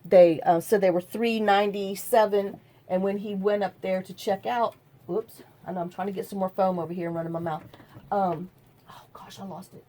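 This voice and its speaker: A woman's voice: medium pitch, fairly even intonation, moderate pace, mellow. This is a middle-aged woman, chatting on camera as she works on a craft project. She rambles through her story, circling back with fillers and restarts, in an easygoing, talkative way. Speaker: crafting vlogger. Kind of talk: casual chat while crafting.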